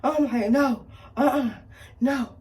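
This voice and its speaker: A woman's voice: slow, far from the mic. A woman telling a story animatedly while doing her makeup, acting out the people in it. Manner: animated, acts out quoted people with big pitch jumps. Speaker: beauty vlogger.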